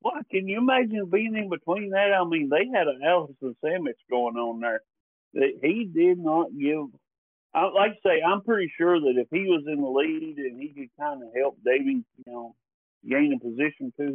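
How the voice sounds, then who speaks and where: A man's voice: fairly high pitch, normal speed, dry recording. A man with an East Tennessee accent, co-hosting a podcast in an easygoing, joking way. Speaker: podcast co-host. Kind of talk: casual race recap commentary. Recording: thin phone-like line.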